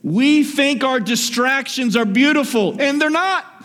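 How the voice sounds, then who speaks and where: High-voiced preacher in a reverberant church hall. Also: male voice, measured pace. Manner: dynamic preaching, swings from loud calls to hushed asides. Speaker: pastor. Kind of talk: sermon.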